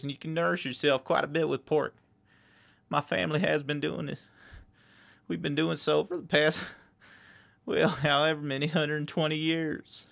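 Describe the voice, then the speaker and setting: Man doing a rambling hick fireworks king, bright pushy voice, twang, hard-sell bravado. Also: a little high, creaky. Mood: boastful. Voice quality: folksy, rambling, salesman bravado. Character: boastful small-town fireworks seller, pork-loving hick. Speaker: guest. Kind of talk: improvised comedy podcast character.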